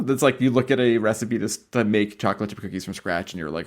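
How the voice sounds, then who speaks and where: A man's voice: on the low side, fast talker, hardly any pauses. Give me a wry man swearing offhandedly in a casual podcast chat. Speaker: podcast co-host.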